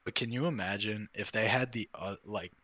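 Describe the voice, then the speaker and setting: A man's voice: fairly low pitch, normal speed, bright, forceful tone, no room sound. A man co-hosting a casual podcast, talking emphatically and swearing often. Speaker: podcast co-host. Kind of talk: casual chat.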